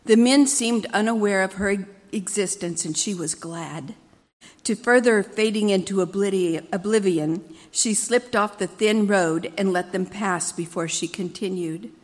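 A woman reading a dramatic story aloud at a church service, measured and expressive. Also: mid-range voice, in a large hall.

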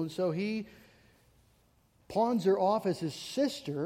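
High-voiced man preaching in a hall. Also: mellow. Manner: earnest, storytelling with self-deprecating humor. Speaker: pastor. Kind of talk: sermon.

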